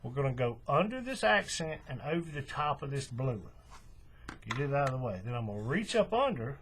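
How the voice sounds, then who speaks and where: A man explaining a craft step by step in a relaxed, folksy way. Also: medium pitch, moderate pace, a little hiss or hum. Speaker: craft tutorial host. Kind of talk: hands-on tutorial walkthrough.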